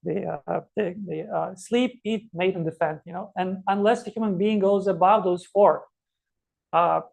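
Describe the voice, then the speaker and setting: Man, high-pitched voice, scripture teacher, storytelling, halting with fillers. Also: creaky, a little mellow. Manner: storytelling, many fillers and restarts.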